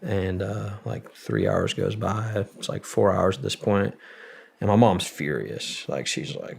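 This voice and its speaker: A young man with a deep voice tells a story in a relaxed, cursing, filler-heavy way. His tone is gravelly and husky, with a rough edge on every line. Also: unhurried. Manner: profane, loose delivery full of "like" fillers. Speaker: podcast guest, Marine veteran. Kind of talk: casual storytelling.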